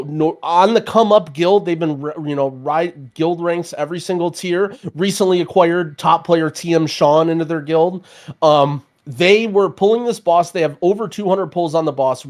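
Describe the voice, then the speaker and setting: A man's voice: on the high side, a little mellow. A young man co-hosting a gaming podcast, ranting in casual chat with lots of restarts and fillers. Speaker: podcast co-host.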